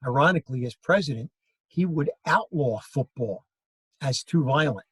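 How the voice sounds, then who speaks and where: A man's voice: mid-range voice, expressive, normal speed, fairly bright tone, breathy edge, dry recording, rough recording. A male history teacher giving a classroom lecture, telling stories and acting out quoted lines. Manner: storytelling, acts out quoted lines.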